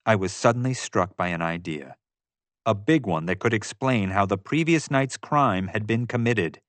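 Male audiobook narrator, low pitch, measured first-person delivery, dry sound. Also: expressive, dry recording.

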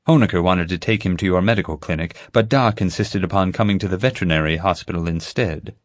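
A man voicing a stern, commanding woman FBI agent in an audiobook, brisk and insistent. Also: low voice, no room sound, clean studio sound, natural voice. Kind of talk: audiobook character voice.

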